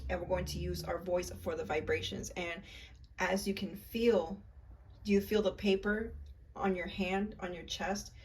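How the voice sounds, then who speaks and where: A woman's voice: fairly low pitch, fairly even intonation, unhurried. A woman vlogger casually explaining a ritual in a chatty, rambling way with lots of fillers. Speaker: spiritual vlogger. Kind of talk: casual instructional chat. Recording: voice a bit far from mic, faint room noise.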